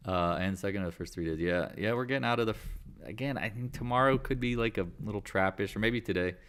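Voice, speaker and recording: A man's voice: lowish voice, quick pace, fairly bright tone, clean tone. A man hosting a casual live market chat, rambling and joking as he goes. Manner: rambling, jokey, self-deprecating. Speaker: market chat host and real estate agent.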